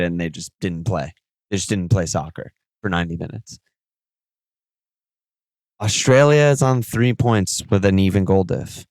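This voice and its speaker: A man hosting a podcast alone, talking in an excitable, rambling way and swearing often. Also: sits low, no echo. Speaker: podcast host. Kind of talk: solo casual podcast talk.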